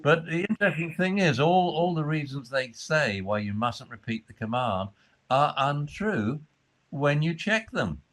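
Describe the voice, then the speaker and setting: A man explaining dog training in a conversation, acting out the voices he uses with dogs. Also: measured pace. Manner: acts out high fussy voices and low calm commands.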